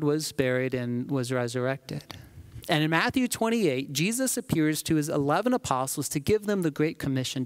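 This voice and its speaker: A man's voice: on the high side, no room sound. A man preaching a sermon as a pastor, telling the scripture scenes like a story and acting them out.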